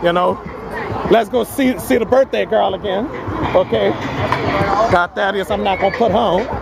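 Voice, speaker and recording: A man's voice: sits high, moderate pace, vocal fry, poor audio. A man hosting his own casual live-stream show from a family birthday party, rambling and stammering as he keeps talking to viewers. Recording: party music and crowd chatter behind.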